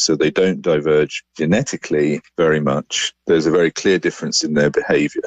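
Very deep-voiced male scientist, dry sound. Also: a little mellow, no echo. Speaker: scientist interviewee. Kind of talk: explanatory interview answers.

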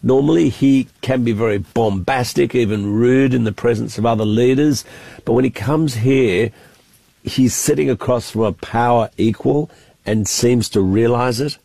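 A man's voice: mid-range voice, moderate pace, gravelly, dark tone, dry recording. Chatty male foreign correspondent, live. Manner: chatty, thinking aloud with frequent restarts. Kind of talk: live news cross, unscripted analysis. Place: Beijing, reporting remotely.

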